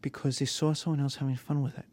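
A man's voice: mid-range voice, flat delivery, fast talker, darkish tone. A man teaching a class, talking casually with rhetorical questions and acted-out quotes. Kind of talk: classroom lecture.

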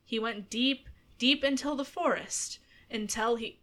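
A woman's voice: a little high, a little slow, fairly bright tone. A woman voicing a storyteller who reads an old folk tale aloud in a theatrical story voice with a slipping accent. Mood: storytelling.

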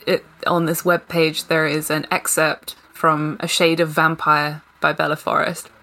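A woman's voice: sits low, measured pace, creaky. Laughing woman podcast co-host. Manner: animated, laughs often. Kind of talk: casual chat.

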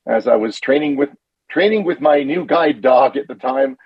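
A man on a panel recounting how he started working, in a relaxed, rambling conversational way. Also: mid-range voice, normal speed, husky, dry recording, muffled recording. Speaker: panel guest, description narrator. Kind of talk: conversational storytelling.

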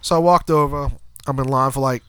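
A man's voice: mid-range voice, steady tone, fairly quick, a bit bright. A man with a congested, nasal voice from a cold, telling a crude, rambling story on a podcast into a handheld mic. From New Orleans area. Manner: crude, rambling anecdote with frequent asides. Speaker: podcast co-host. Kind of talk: casual storytelling.

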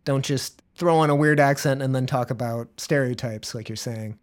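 A man hosting an interview, asking measured, thoughtful questions. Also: medium pitch. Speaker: podcast host.

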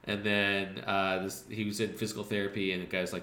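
A man co-hosting a podcast, casually recapping movies in a rambling, profane, deadpan jokey way with quick voiced asides. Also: on the low side, echoey room. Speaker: podcast co-host.

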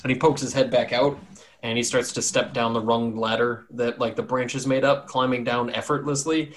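A man's voice: medium pitch, little pitch movement, normal speed, slight background noise. A man narrating a tabletop game as game master, loose and joking, often trailing off with "like".

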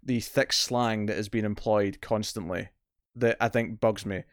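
A man's voice: lowish voice, steady tone, a little slow, dry recording, clean studio sound. A Scottish man co-hosting a casual TV review podcast, blunt and opinionated in his complaints. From Scotland. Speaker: podcast co-host.

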